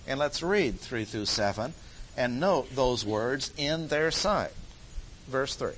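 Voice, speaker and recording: A man's voice: mid-range voice, expressive, slow pace, a bit bright, slight background noise, poor audio. A man teaching a Bible study lecture in an emphatic way, repeating key phrases for stress.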